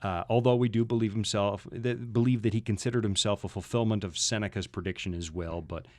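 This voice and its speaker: A man co-hosting a religious talk show in a casual, joking way, reading quotes aloud with lively emphasis. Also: fairly low pitch, fairly quick, no echo. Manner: animated, jokey, reads quotes aloud with rising emphasis. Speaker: co-host.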